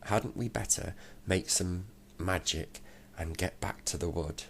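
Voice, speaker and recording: A man reading out a cautious, practical young girl from a children's storybook, in a hushed, urgent way. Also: sits low, a little slow, creaky, slight background noise. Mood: earnest.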